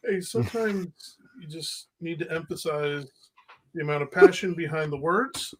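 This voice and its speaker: A man's voice: a little high, normal speed, fairly bright tone, a little hiss or hum, poor audio. A man from the northern US, co-hosting a casual livestream and making easygoing, wry jokes. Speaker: host's husband and co-host.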